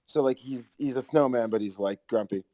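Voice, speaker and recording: A man hosting a podcast in casual chat, rambling and excitable, swearing freely. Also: mid-range voice, fairly quick, dry recording. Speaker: podcast host.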